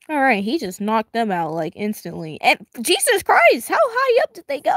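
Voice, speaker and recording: A woman reacting to a webtoon as she reads it, excitable and giggly, chatting to her viewers in slang, her voice a little strained and tired. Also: a little high, no room sound, studio quality. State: strained, tiring voice. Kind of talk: casual reaction reading.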